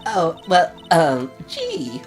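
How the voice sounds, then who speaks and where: A man playing a squeaky, breathy Valley Girl witness, slow and lilting, game music behind. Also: huge pitch swings, exaggerated voice. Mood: ditzy. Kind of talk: reading game dialogue aloud.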